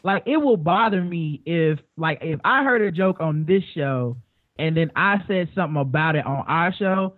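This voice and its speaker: A man chats casually as a podcast guest over a thin, phone-like line with no room sound or echo. His voice sits a little high for a man, and he's animated at a normal speed, rambling, stumbling over repeated words and swearing easily.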